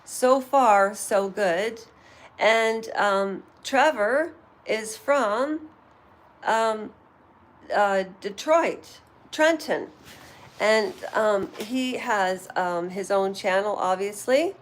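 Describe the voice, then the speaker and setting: Woman, livestream host, unhurried, chatty and rambling, home stream. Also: mid-range voice. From Canada. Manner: rambling, chatty, many fillers and asides. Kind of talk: casual live chat. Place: at home while cleaning.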